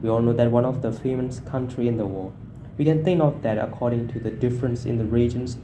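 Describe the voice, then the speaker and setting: A man giving a class presentation, reading slide points in short, halting phrases. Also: mid-range voice, noisy background. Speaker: student presenter.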